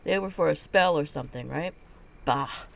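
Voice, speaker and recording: A woman's voice: low-pitched, moderate pace, vocal fry. A woman reading the part of a weary, blunt male gate captain in a fantasy video game, speaking in a curt and dismissive way. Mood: gruff.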